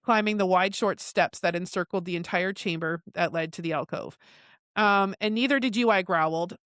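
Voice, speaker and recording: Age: adult. Sex: woman. Role: book podcast host. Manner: reads quotes aloud, stumbling and correcting herself, with loud high outbursts. Sound: dry, close. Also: fairly even intonation, moderate pace, dry recording. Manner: bursts into loud, high reactions while reading. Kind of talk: casual book discussion, reading passages aloud.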